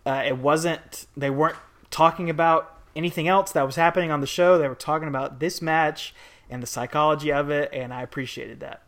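Higher-voiced guy chatting thru a wrestling match on a podcast, laid back. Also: steady tone, a little fast, fairly bright tone. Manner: easygoing, conversational. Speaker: podcast co-host. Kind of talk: casual wrestling match recap.

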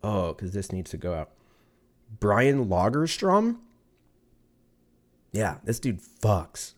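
A man's voice: on the low side, very animated, slow. A man in his thirties hosting a podcast on his own, rambling, swearing casually and laughing at his own jokes. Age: 30s. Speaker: podcast host. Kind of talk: casual solo podcast chat.

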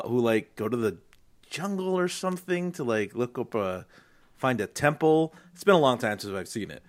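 A man co-hosting a podcast in casual chat, making blunt, emphatic remarks. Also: mid-range voice. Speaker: podcast co-host.

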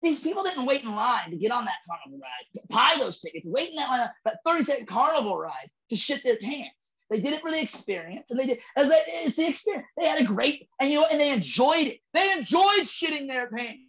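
A male comedian guest on a podcast, talking in a profane, emphatic way, building rhythm and bursting into shouts for emphasis. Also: very high voice, big pitch swings, fairly quick, hardly any pauses, lo-fi sound. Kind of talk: casual podcast chat.

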